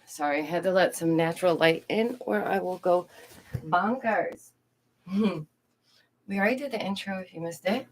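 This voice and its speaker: Indoors at home, a young woman who streams and teaches art chats casually with her viewers, greeting them directly and laughing often. She speaks at a moderate pace in a fairly low voice.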